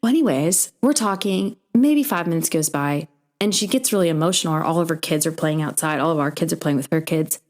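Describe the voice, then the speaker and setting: Lively storytelling woman host, low voice. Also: a little fast. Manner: animated, acts out quoted voices in her stories. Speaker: podcast host. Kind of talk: casual storytelling chat.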